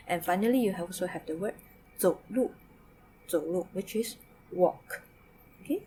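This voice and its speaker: A woman's voice: fairly low pitch, a little mellow, slight background noise. A woman from Malaysia with a Malaysian English accent, teaching a Mandarin lesson. She mixes English, Malay and Mandarin and says "okay" again and again. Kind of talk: recorded online lesson.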